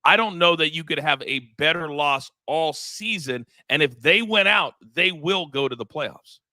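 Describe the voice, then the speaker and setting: Middle-aged guy hosting a betting show, super bright voice, joking around, dry sound. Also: fairly high pitch, moderate pace, no echo. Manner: energetic and joking. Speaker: host. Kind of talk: live sports betting show.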